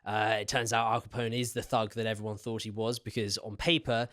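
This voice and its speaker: A man's voice: fairly low pitch, little pitch movement, a little fast, fairly bright tone. A man co-hosting a casual history podcast, teasing his partner and swearing casually while he retells events. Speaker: podcast co-host.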